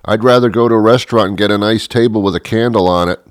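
A man hosting a comic monologue, deadpan and rambling, with many fillers. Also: on the low side, fast, no echo. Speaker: host. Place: Boston area.

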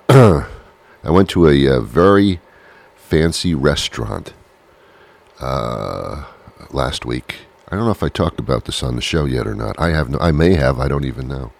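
A man's voice: extremely low pitch, lively intonation, measured pace, gravelly. A man hosting a comedy show, rambling through a playful, self-mocking monologue full of restarts.

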